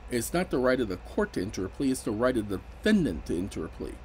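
A man's voice: medium pitch, big pitch swings, fast, a little mellow, a little hiss or hum, low-quality recording. Emphatic man explaining legal rights. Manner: emphatic, rises sharply when indignant. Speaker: legal commentator. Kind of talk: casual explanatory commentary.

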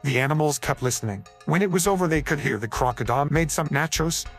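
Deadpan AI-cloned male storyteller. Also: a little high, fast, faint music behind. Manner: deadpan reading of crude jokes. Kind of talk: scripted storybook narration.

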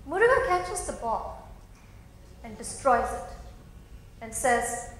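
A woman's voice: high voice, lively intonation, measured pace, long pauses. A woman narrating a story expressively, in a dramatic storytelling style. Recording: very echoey hall.

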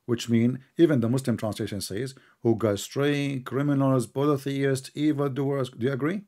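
A man's voice: mid-range voice, fairly even intonation, moderate pace, mellow. Mocking man with a non-native English accent. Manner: mocking, sarcastic, laughs at caller. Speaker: debate show host. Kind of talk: heated religious debate call.

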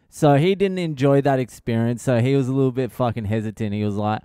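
A man's voice: medium pitch, fast talker, few pauses, mellow, smooth, no echo, studio quality. A middle-aged man, a comedian hosting his own podcast, rambling through a casual comedic monologue and swearing constantly.

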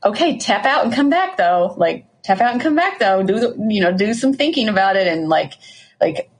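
A woman's voice: medium pitch, sing-song, moderate pace. Frank, self-deprecating woman podcast co-host. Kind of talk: casual podcast chat.

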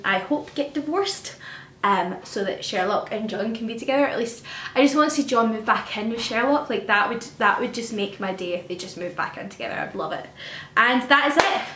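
A young woman pours out her feelings in an effusive, emotional fan chat to camera. Her voice sits on the high side, and the recording carries a roomy echo. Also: fairly bright tone. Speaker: vlogger.

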